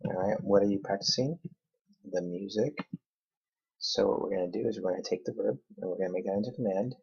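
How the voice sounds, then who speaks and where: A man's voice: on the low side, brisk, vocal fry, darkish tone, breathy edge. A man teaching a Spanish grammar lesson, patiently explaining step by step. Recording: dull lo-fi recording.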